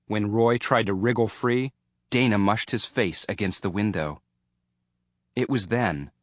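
Low-voiced man reading an audiobook. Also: fairly bright tone, no room sound. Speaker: audiobook narrator. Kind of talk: scripted narration.

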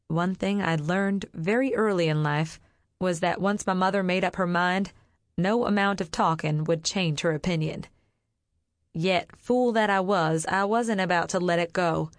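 An audiobook narrator, a woman with a fairly low voice, reads a novel aloud in a steady, measured storytelling manner. The scripted narration is recorded at studio quality with no echo.

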